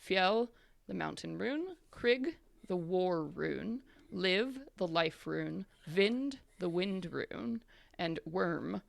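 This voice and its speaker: A woman's voice: fairly low pitch, lively intonation, very slow, creaky, dry recording. A woman narrating a tabletop game as game master over a video call, chatty with many ums and uhs.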